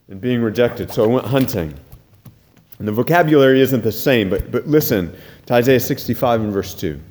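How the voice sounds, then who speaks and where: A man preaching a sermon with earnest urgency, rising loud and dropping to a hush. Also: mid-range voice, big-room sound. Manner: earnest, swings from loud urgency to hushed intensity. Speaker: pastor.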